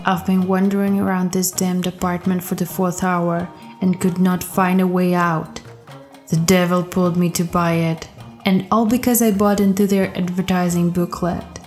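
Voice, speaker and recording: A woman's voice: fairly low pitch, level tone, moderate pace. A woman narrating short stories as a storyteller, reading all the characters herself in lightly changed voices. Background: soft background music.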